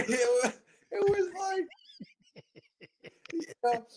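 A middle-aged man, a former football player, telling a story as a guest, animated and breaking into shouts. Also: high-pitched, poor audio. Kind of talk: casual storytelling.

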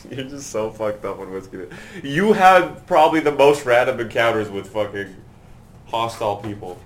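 A man's voice: mid-range voice, expressive, unhurried, pauses often. A man in casual, crude chat with friends, stoned and rambling.

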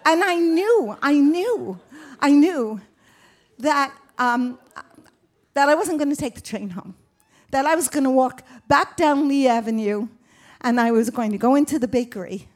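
A woman, telling a personal story on stage in a vivid, expressive way. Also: sits high, normal speed.

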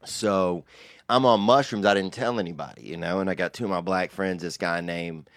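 A man's voice: low voice, moderate pace, fairly bright tone, no echo, clean studio sound. A young man co-hosting a podcast, telling stories in a laid-back, profane way full of "bro" and "dude". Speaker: podcast co-host. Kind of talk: casual storytelling chat.

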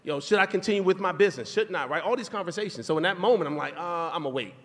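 A man's voice: high-pitched, very fast. Man telling a story, hall reverb. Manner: laughing, animated storytelling. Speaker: podcast co-host. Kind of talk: live podcast storytelling. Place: live tour venue.

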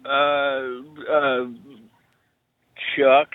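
A man's voice: mid-range voice, little pitch movement, dry recording, phone-quality sound. A man putting on a nervous male caller who halts and stumbles over his words. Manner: halting, hesitant, many fillers.

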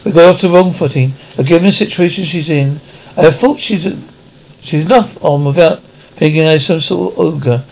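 An actress playing a shy, gentle young gentlewoman of the 1830s in a period drama, talking in a hesitant, apologetic way. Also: deep voice, normal speed, gravelly, low-quality recording. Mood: earnest.

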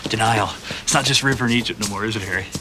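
A man's voice: on the low side, rapid-fire, background noise, natural voice. An actor playing a crude, wisecracking male coworker who teases his friend, in a film clip. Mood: needling. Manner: needling, teasing.

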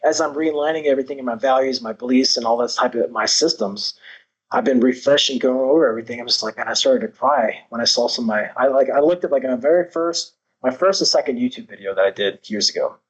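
Male podcast guest, mid pitch, fervent and profane motivational talk. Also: quick pace, low-quality recording. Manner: intense, emphatic, heavy swearing.

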